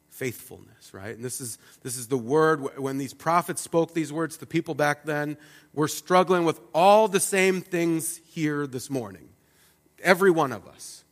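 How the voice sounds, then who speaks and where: A man preaching a sermon in a church, animated, acting out the voices of God and the people as he speaks. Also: medium pitch, big-room sound. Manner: animated, acts out God's and the people's words. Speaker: pastor. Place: church sanctuary.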